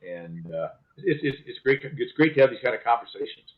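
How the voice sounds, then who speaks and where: A man's voice: medium pitch, animated, brisk. A man as a guest on a casual live-stream interview, easygoing and agreeing with short affirmations. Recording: dull lo-fi stream audio.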